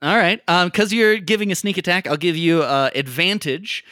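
A man narrating as game master of a tabletop game, relaxed, with many ums and uhs. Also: high voice, normal speed, no room sound, clean studio sound.

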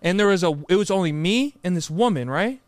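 A man co-hosting a podcast in casual chat, animated storytelling with sudden jumps in his voice. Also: high voice, a little fast, clean tone, dry recording. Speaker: podcast co-host.

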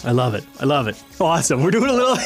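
Fast-talking male tech podcast host. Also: on the high side. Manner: rambling, animated, laughs often. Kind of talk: casual tech show chat.

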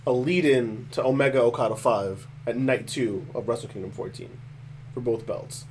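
A man co-hosting a casual podcast, talking in an animated, opinionated way and laughing often. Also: mid-range voice, normal speed, slight background noise. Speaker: podcast co-host. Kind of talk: casual chat.

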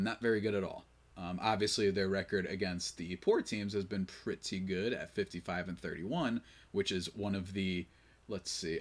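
A man hosting a casual sports podcast, opinionated and quick to rant in exasperation, running on little sleep. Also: deep voice, husky. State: short on sleep. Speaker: podcast host.

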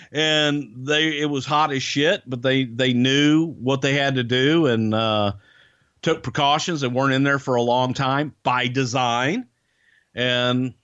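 A former wrestling TV producer, appearing as a guest in a casual interview, tells a backstage story in a medium-pitched, pushed, bright voice. He rambles with restarts and casual swearing, and the recording has no room sound and cut-off highs.

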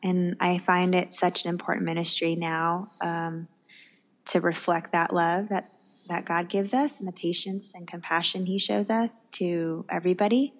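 A woman's voice: fairly low pitch, steady tone, normal speed. A young woman speaking candidly and earnestly as a guest, telling her personal faith story.

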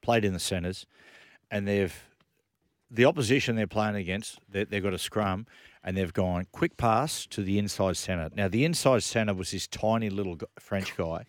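A man's voice: lowish voice, moderate pace, dry recording, clean studio sound. An Australian man hosting a casual sports podcast, telling stories with a lot of stumbles and restarts. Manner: chatty storyteller, stumbles and restarts.

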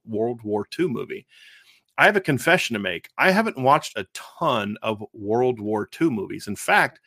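A man's voice: fairly low pitch, gravelly, bright, forceful tone, no room sound, clean studio sound. A man in his thirties co-hosting a casual football podcast, talking emphatically and repeating his points. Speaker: co-host of a college football show.

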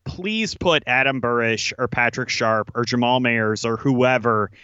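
A man's voice: mid-range voice, unhurried, bright, forceful tone, clear, resonant tone, no echo. A man co-hosting a podcast in casual chat, blunt, opinionated and teasing. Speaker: podcast co-host. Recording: slightly dull lo-fi mic.

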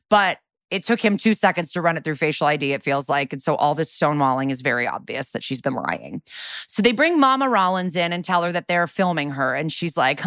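Casting: woman podcast co-host, low-set voice, lively, profane recap storyteller, dry close mic. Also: normal speed, no echo. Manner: lively storytelling, acts out quoted lines, swears freely. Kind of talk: casual TV episode recap.

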